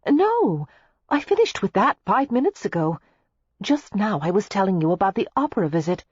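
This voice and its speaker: A woman voicing a lively young American heiress who speaks in quick, bright exclamations. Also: mid-range voice, slightly rough, no room sound, pitched above the performer's own voice. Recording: slightly muffled lo-fi recording.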